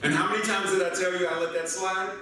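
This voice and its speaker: Captured by a far-off, echoey mic in a church sanctuary, this older American man delivers a sermon at a fast clip in a high-pitched voice. As minister, he spins playful stories with lively energy and asks the congregation rhetorical questions, with slight noise in the background.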